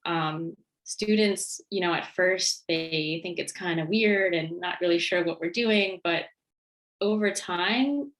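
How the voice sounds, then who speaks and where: A woman mindfulness educator and former science teacher, talking as a guest in a relaxed, friendly way. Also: fairly low pitch, takes it slowly, rough recording. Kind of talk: conversational interview.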